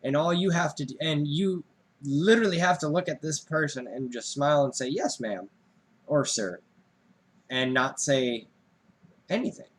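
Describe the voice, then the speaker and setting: A man's voice: on the high side, moderate pace. A young man co-hosting a casual chat, telling a story with swearing and sudden jumps in his voice when he acts out the scene. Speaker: podcast co-host.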